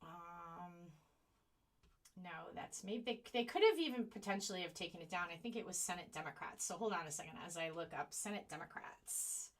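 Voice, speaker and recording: A woman's voice: lowish voice, a little fast, a little hiss or hum. A woman hosting a live-streamed commentary show. She is indignant at times and keeps apologizing while she fumbles with her computer. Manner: animated, indignant. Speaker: online show host.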